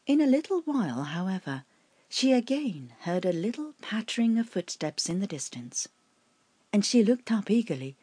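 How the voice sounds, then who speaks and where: A woman narrating a storybook in an expressive, gently animated way. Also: medium pitch, normal speed, slightly rough, no echo.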